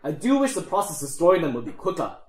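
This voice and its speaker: A man's voice: fairly high pitch, big pitch swings, fast, a little mellow. A man voicing a male dwarf guard who apologizes while mildly complaining. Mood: apologetic. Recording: echoey room.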